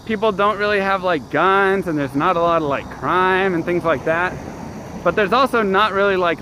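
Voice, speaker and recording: A man talks loosely and chattily to his live stream, reading out messages from chat and answering them. His voice sits a little high. He is outdoors on a city street, with steady traffic noise behind him.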